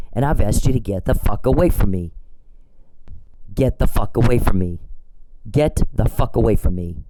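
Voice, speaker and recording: A man's voice: medium pitch, warm tone, a little hiss or hum, poor audio. A man delivering an angry, profane, scolding monologue aimed at someone who isn't there, repeating his demands over and over. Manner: confrontational, profane, scolding, repetitive. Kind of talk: angry monologue addressed to an absent person.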